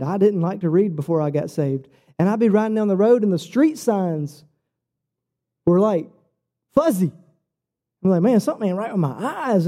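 A preacher, a man with a high voice, tells his own testimony in an earnest, personal way. His tone is very dark and mellow despite the pitch, and his delivery rises and falls as he speaks. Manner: earnest, personal storytelling with lively shifts in pitch. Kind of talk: sermon.

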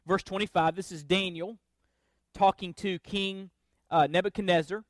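A man with a notably high voice preaches a sermon, building his points through emphatic, repeated refrains. The sound is dry and close, with no room around it. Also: steady tone, normal speed, no echo. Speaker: pastor.

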